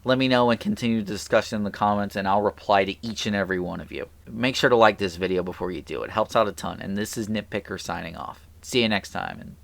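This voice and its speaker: A man's voice: fairly low pitch, fast, gravelly, few pauses, no echo. A man giving an improvised game review into a mic, rambling and stuttering, asking exasperated rhetorical questions. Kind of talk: improvised video review commentary.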